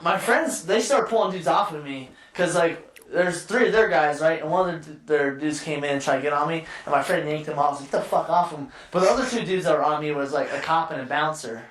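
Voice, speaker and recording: A man's voice: on the high side, a little fast, fairly bright tone, echoey room, distant mic, slight background noise, rough recording. A man hosting a podcast, telling a story in a rambling, swearing way. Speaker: podcast host. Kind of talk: casual storytelling chat.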